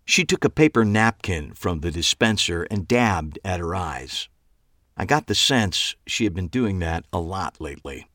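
Low-voiced man narrating an audiobook. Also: sing-song, unhurried, fairly bright tone, no echo, studio quality. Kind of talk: first-person scripted narration.

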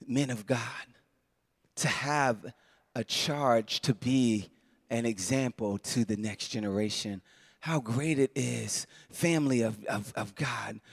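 A man preaching a sermon, heartfelt and emotional, often restarting his phrases and chuckling, moving between soft, low passages and louder bursts. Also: no room sound, clean studio sound.

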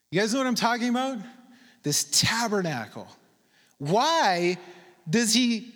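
A man preaching a sermon, lively and questioning his listeners as he teaches. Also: high voice, in a large hall. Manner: animated, asks the audience questions. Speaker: pastor.

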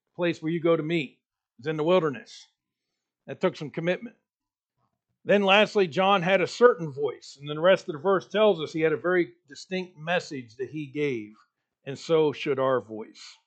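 A man preaching a sermon in a church, delivering it with rising emphasis and pauses. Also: fairly high pitch, muffled recording. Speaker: pastor.

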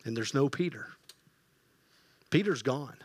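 A man preaching a sermon as pastor, telling the story with lively acted-out quotes and hushed quiet passages. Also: mid-range voice, a little slow, breathy edge, dry recording. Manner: animated storytelling, acting out quoted voices, dropping to hushed tones.

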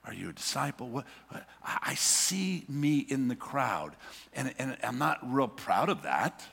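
A man preaching a sermon as pastor, impassioned, swinging between hushed and loud and asking rhetorical questions. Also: medium pitch, very animated, a little slow, creaky, breathy edge. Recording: reverberant hall.

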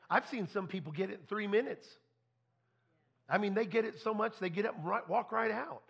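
A man's voice: sits high, a little fast, gravelly, fairly bright tone, husky. A man preaching a storytelling sermon, folksy, full of restarts, acting out conversations. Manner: folksy, repeats and restarts, quotes people in dialogue.

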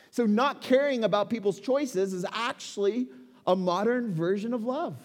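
A man in his forties delivers a sermon in a fairly high voice, moving between easy conversational asides and emphatic rhetorical questions. A long hall reverb trails behind his words. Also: moderate pace. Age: 40s. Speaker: pastor.

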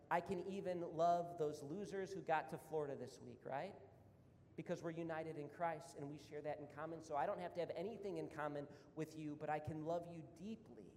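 A man's voice: a little high, a little mellow, slight background noise. A man preaching an earnest, conversational sermon as pastor, building in intensity and closing in prayer. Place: church sanctuary. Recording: reverberant church hall with music.

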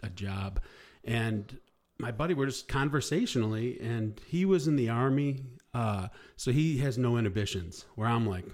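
A man's voice: mid-range voice, normal speed. A man telling a rambling funny story in casual chat, laughing and acting out quotes. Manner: animated, laughing, acts out quotes. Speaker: podcast guest.

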